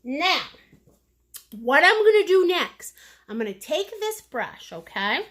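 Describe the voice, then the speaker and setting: A woman's voice: high-pitched, big pitch swings, slow pace, a bit bright. A woman teaching a live-streamed painting class, bubbly and playful as she chats with her viewers. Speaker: painting instructor.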